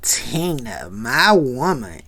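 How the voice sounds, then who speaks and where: A woman voicing a playful middle-aged father who teases in a slow, drawn-out voice. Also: extremely low pitch, very animated, fairly bright tone, pitched below the performer's own voice, exaggerated voice. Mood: teasing. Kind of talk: comic recap with character voices.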